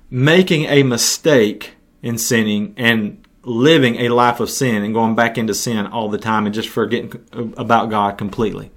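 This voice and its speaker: A man's voice: on the high side, a bit bright. Earnest male preacher, conversational sermon delivery with frequent restarts.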